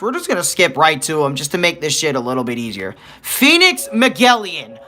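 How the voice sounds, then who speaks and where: A man's voice: high-pitched, sharp tone. A young man giving casual, rambling game commentary, swearing freely and correcting himself as he talks. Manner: rambling, profane, self-correcting. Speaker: gaming streamer.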